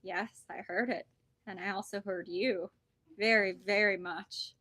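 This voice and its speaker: A woman voicing a calm, matter-of-fact female vole in a storybook reading. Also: medium pitch, a little slow, slightly rough, dry recording.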